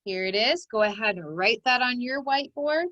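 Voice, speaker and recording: Lady teacher doing a phonics video for kids, a bit high-pitched, encouraging, walks them thru each step. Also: animated, normal speed, pushed and bright, dry recording, lo-fi sound. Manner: encouraging, step-by-step instruction to children. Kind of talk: recorded online phonics lesson.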